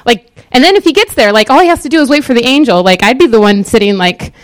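A woman's voice: fairly high pitch, quick pace, no room sound. Chatty woman giving a casual Bible talk. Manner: chatty, animated, lots of fillers. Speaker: Bible teacher. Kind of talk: casual sermon-style Bible teaching.

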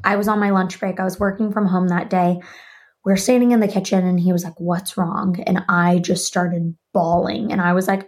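A woman's voice: lowish voice, moderate pace. A woman hosting her own podcast, sharing a personal story and animatedly acting out remembered conversations, speaking from her home office desk. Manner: animated, acts out remembered dialogue. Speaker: podcast host.

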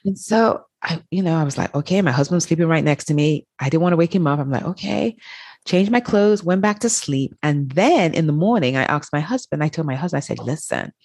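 Recorded in clean studio sound with no echo, a middle-aged woman with a low-pitched, slightly rough voice talks briskly. As an author and interview guest, she shares personal stories candidly, animatedly performing the dialogue.

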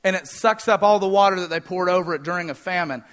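A man preaching a sermon, fast-talking, energetic and joking with the congregation. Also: sits high. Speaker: pastor.

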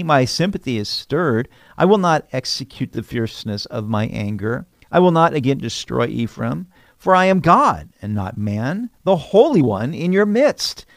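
A man's voice: on the high side, dry recording. A man, a pastor, reading scripture aloud and then explaining each verse in plain words. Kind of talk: Bible teaching devotional.

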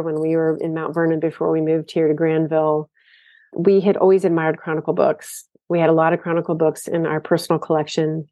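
A woman guest in an interview, telling stories about her design work in a lively, enthusiastic way. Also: low-pitched, no echo. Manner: storytelling, enthusiastic. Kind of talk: casual interview talk.

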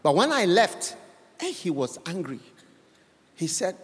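Ghanaian male preacher, high, lively delivery, long hall reverb, emphatic. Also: unhurried, pauses often. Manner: emphatic, questioning the congregation, bursts of laughter. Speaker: guest preacher. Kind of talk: sermon.

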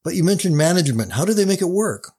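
A man's voice: high-pitched, sing-song, quick pace, darkish tone, breathy edge, voice pushed up, exaggerated voice. A man reading as an eager young businessman. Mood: puzzled.

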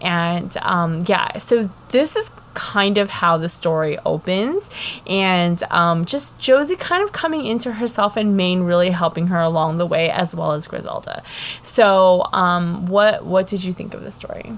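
A woman's voice: fairly low pitch, animated, measured pace. A woman hosting a casual book chat, recapping the plot in a chatty way, with frequent swearing and fillers. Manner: chatty, profane, lots of fillers.

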